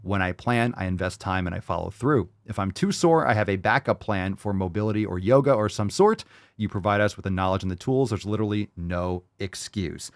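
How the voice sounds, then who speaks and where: A man's voice: fairly low pitch, fairly quick, no echo. A man in his thirties hosting a fitness podcast, ranting crudely and profanely and reading out listener emails in a mocking tone. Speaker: podcast host.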